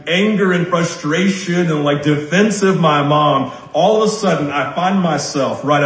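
A man preaching a sermon as pastor, repeating his key lines slowly for emphasis and often tagging "right?" onto his sentences. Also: on the high side, fairly bright tone. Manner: frequent tag question "right?". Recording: roomy echo.

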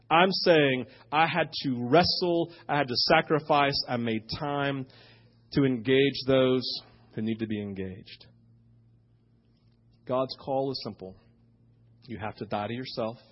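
Animated pastor, dull lo-fi sermon audio. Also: male voice, mid-range voice, breathy edge. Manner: animated storytelling, swings from loud to hushed.

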